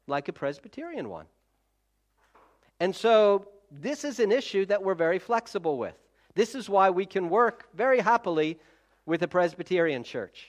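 A man preaching a conversational sermon as a pastor, talking straight to his listeners and often restarting his sentences. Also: high voice. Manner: chatty, self-correcting, direct address to listeners.

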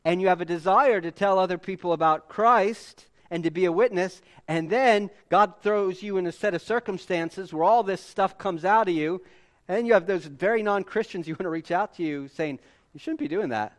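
A man preaching a sermon with animated delivery and emphatic repetition. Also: high-pitched, normal speed. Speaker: pastor.

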